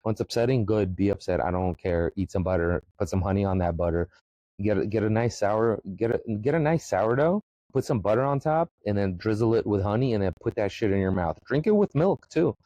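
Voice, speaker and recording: A man from the former Soviet Union, hosting a podcast and delivering a profane, emphatic comedic rant that often jumps into a high excited pitch. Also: brisk, dry recording, low-quality recording. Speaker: podcast host.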